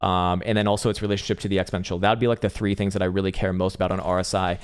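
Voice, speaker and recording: A young man with a low, smooth voice talks very fast in a flat delivery. He hosts a casual crypto trading livestream of chart commentary, rambling, swearing, laughing often and launching into mock outbursts at his chat.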